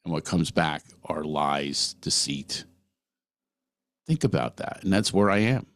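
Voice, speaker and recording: A man's voice: extremely low pitch, animated, a little slow, fairly bright tone, dry recording. A middle-aged man hosting a podcast, talking earnestly through a personal monologue and putting questions straight to the listener. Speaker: podcast host.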